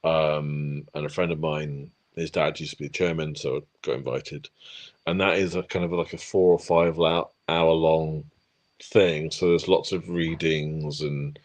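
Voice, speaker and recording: Low-voiced hesitant man chatting. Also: fairly even intonation, a little slow. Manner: hesitant, many ums and restarts. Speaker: guest musician. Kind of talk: casual interview chat.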